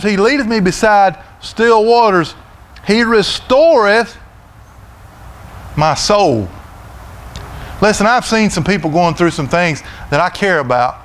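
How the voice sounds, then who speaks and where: A middle-aged Southern preacher man with a notably high voice, delivering a folksy sermon in a church. He talks loud and blustery, stumbling over and repeating words. A faint hiss of noise sits behind him. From Florida, USA. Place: church sanctuary.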